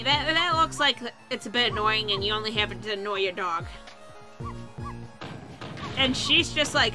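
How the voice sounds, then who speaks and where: A woman's voice: on the high side, expressive, a little slow, long pauses, music in the background. A giggly young woman playing a video game, chatting casually and reading dialogue aloud in a playful manner. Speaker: let's play host.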